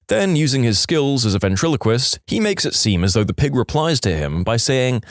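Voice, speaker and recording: A man's voice: medium pitch, a little fast, hardly any pauses, dry recording, studio quality. A man reading a string of jokes aloud as a storyteller, voicing the characters as he goes. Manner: lively, voices the characters. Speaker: joke storyteller.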